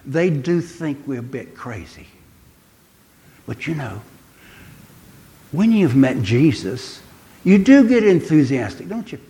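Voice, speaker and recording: A man's voice: a little high, very animated, slow pace, pauses often, warm tone. An older man giving a sermon, telling stories in a chatty way and asking his listeners questions. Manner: chatty storytelling, asks the congregation questions. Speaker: preacher.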